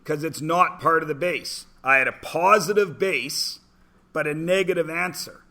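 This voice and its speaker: A man's voice: fairly high pitch, moderate pace, sharp tone. A man in his forties teaching a math class, chatty and joking, asking the class questions in between. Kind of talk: classroom lecture with anecdotes.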